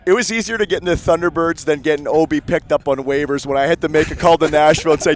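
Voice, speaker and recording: A Canadian man, a former hockey player, telling stories in casual chat and acting out the voices of the people he quotes. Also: a little high. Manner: rapid animated storyteller acting out quotes. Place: suite at a golf tournament.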